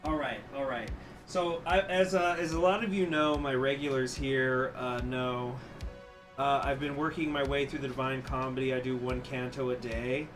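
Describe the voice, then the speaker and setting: A man's voice: mid-range voice, steady tone, moderate pace, music in the background. A man chatting casually on a game stream, rambling, swearing, and animatedly retelling what he has been reading. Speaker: gaming streamer. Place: home room.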